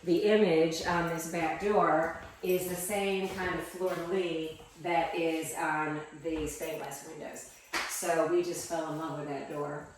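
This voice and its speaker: A woman giving an emotional personal testimony, talking in a soft, halting way with many pauses and restarts in her small wooden chapel. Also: sits low, steady tone, slight background noise. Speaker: interviewee. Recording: echoey room from some distance.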